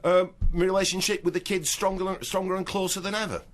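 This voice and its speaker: A man's voice: sits high, fast talker. A man with a northern English accent, a radio guest talking animatedly and often restarting his sentences. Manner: animated, repeats words while starting thoughts. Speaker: interview guest, broadcaster and author. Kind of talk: radio interview.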